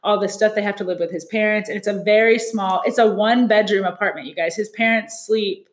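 A woman's voice: medium pitch, a little fast. Chatty woman recapping reality TV, echoey room. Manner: chatty, laughs often, quotes people in lively put-on voices. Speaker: podcast co-host. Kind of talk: casual chat recapping reality TV.

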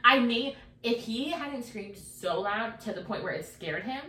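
A young mother chatting casually, an animated storyteller who swears freely and talks in fillers. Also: a little high, unhurried. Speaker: mom and podcast co-host. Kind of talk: casual chat. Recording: echoey room, far from mic, faint hiss.

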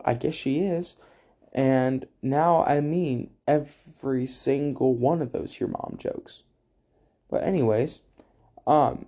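A man's voice: medium pitch, warm tone. A teenage boy giving a rambling, joking tribute to a friend, full of fillers and asides. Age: teens. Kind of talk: casual spoken tribute to a friend.

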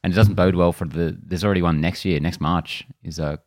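Deep easygoing male podcast news presenter. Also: fairly even intonation, a little fast, a little mellow, dry recording, studio quality. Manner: easygoing, laughs readily, reads out headlines. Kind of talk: casual film news chat. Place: studio.

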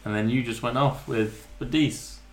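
A man's voice: mid-range voice, fairly even intonation, normal speed, faint music behind. A man playing a tabletop game, teasing his friends with half-joking complaints. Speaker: player. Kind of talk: casual chat while playing a tabletop game. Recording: echoey room.

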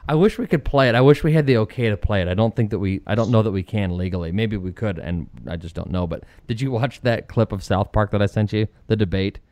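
A middle-aged man hosts an opinionated political radio talk show, his voice on the low side and quick, with slight background noise. He tells stories sarcastically in a lively way, mocking the people he quotes by putting on their voices.

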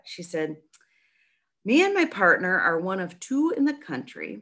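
A middle-aged woman telling a long story in a casual interview, chatty and animated, with many restarts. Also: on the low side, a little slow. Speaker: nonprofit founder, guest.

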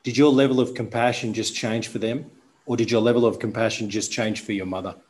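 A man hosting a podcast, talking deliberately and reflectively as a coach to his guest. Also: fairly low pitch, fairly even intonation, a little mellow.

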